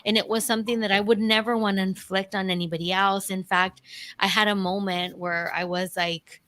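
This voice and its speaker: A woman's voice: medium pitch, brisk. A woman talking as a podcast guest, telling personal stories frankly, with lots of swearing and laughter. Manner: frank, profane, animated storytelling with laughter. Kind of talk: casual candid conversation.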